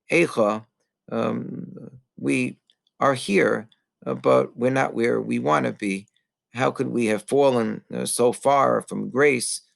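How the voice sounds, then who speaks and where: A rabbi delivers a heartfelt sermon in a strongly gravelly male voice, leaning on fillers as he thinks aloud. The recording is dry and close, with no room sound. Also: lowish voice, no room sound. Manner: earnest teaching with frequent fillers and Hebrew terms. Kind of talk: Tisha B'Av sermon.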